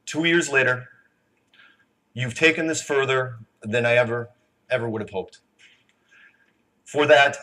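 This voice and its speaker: A man's voice: medium pitch, steady tone, normal speed, long pauses, pushed and bright. A man speaking live to a large conference audience, chatty and emotional, with stumbling restarts, before taking questions.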